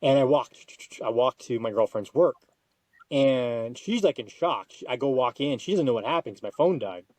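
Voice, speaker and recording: Animated man telling a story, dry sound. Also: normal speed, no echo. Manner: animated, jumps to high excited quoted lines; frequent restarts and repetitions. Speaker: podcast guest. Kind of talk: casual storytelling.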